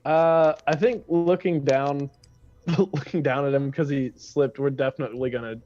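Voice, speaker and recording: A man playing in a tabletop game, relaxed and prone to laughing. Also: on the high side, moderate pace, dull audio. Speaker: player. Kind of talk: casual tabletop play.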